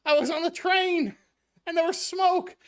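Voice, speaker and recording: A woman's voice: very high voice, fairly even intonation, a little slow, pitched above the performer's own voice. A woman voicing a panicky, selfish man from a sitcom who whines defensively and gets exasperated. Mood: panicky whining.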